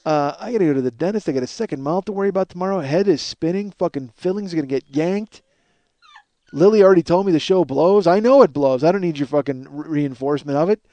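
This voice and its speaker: Fast-talking and warm-toned, with fairly high pitch and no echo, a man hosts his own podcast. He rambles and runs himself down, swearing a lot, tired and yawning, and restarting his sentences often.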